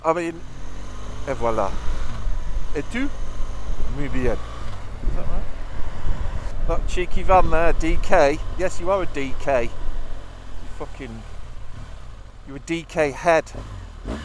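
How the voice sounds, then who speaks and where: A man riding a motorbike through city traffic, giving cheeky, sweary running commentary to his viewers on a helmet mic. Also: on the high side. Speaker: motovlogger. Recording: loud road and engine noise.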